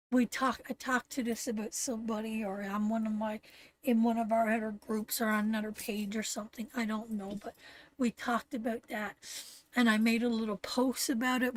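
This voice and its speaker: A woman with a Canadian accent giving a live tarot reading, talking slowly and tenderly, repeating phrases and getting emotional. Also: fairly high pitch, no room sound. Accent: Canadian English. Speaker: tarot reader.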